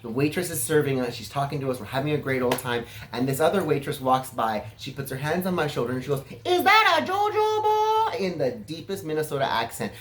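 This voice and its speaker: A man's voice: mid-range voice, quick pace, hardly any pauses, slight background noise. A man from California giving a casual, self-assured vlog monologue, chatty and flamboyant in manner. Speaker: political vlogger.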